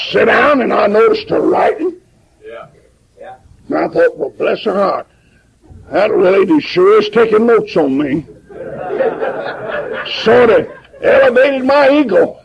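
A man's voice: high voice, vocal fry, lo-fi sound. A man, a pastor telling a story in a sermon, folksy and emphatic. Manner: folksy, plain-spoken, emphatic.

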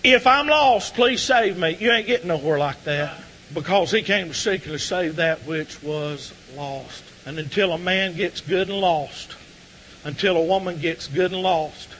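A man preaching a sermon to a congregation in church, rising to shouts at the peaks. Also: sits high, slight background noise, poor audio. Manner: impassioned, shouting at peaks, folksy.

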